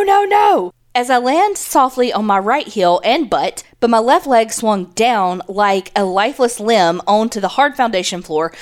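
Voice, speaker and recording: A woman co-hosting a podcast, reading listener stories aloud and chatting casually, animated and quick to laugh, swearing now and then. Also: mid-range voice. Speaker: podcast co-host.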